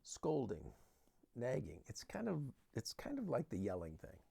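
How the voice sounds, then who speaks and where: A man's voice: mid-range voice, huge pitch swings, a little slow, vocal fry, dark tone, slightly rough. A man giving an earnest Christian parenting talk that uses Bible verses and everyday examples.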